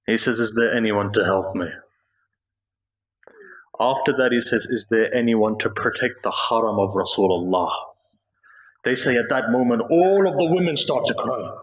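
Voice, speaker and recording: A man speaking at a mosque, delivering a slow, grieving sermon narration during a Muharram gathering. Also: mid-range voice, lively intonation. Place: mosque prayer hall. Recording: echoey mosque hall.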